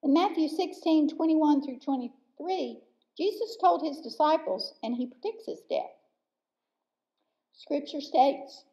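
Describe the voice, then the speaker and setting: A woman preaching a sermon in a church, earnest and emphatic, slowing down to stress key words. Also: high-pitched, expressive, mellow. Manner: earnest, slow and emphatic with pauses. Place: church sanctuary. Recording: dull lo-fi church recording.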